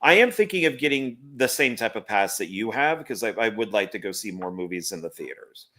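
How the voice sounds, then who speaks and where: A man's voice: fairly low pitch, lively intonation, fairly quick, bright, forceful tone. A man co-hosting a casual movie chat, easygoing and hesitant, with frequent fillers. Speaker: co-host.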